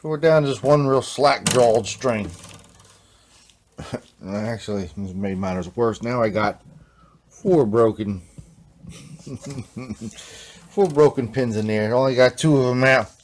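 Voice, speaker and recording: A man's voice: medium pitch, takes it slowly, long pauses. Laid-back rambling man calling everyone "man". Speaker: vlog host, guitar repairer. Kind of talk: casual workshop vlog.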